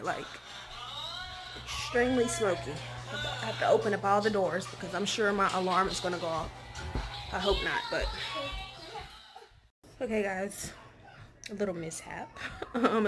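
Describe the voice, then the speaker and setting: A young woman and mother vlogging at home to the camera, frank and chatty, peppered with "like" and "y'all". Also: medium pitch. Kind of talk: casual vlog talk to camera. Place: at home, indoors.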